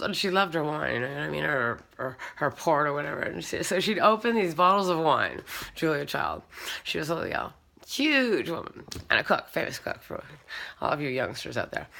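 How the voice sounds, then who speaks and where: A woman who was once a stand-up comedian, speaking in a casual, rambling, soft-spoken, self-deprecating monologue. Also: sits low, lively intonation, brisk, creaky.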